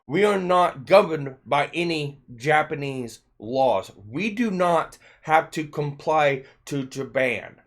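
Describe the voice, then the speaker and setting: A man's voice: fairly high pitch, expressive, slow, hardly any pauses. A man with a lisp, hosting an opinion commentary channel and talking in an emphatic, heated way with some swearing.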